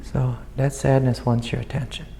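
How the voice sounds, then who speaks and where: A man speaking as a spiritual teacher, guiding a student in a gentle, soothing way and calling her sweetie. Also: medium pitch, little pitch movement, moderate pace, gravelly, a little hiss or hum. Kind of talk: satsang guidance to a student. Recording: long hall reverb.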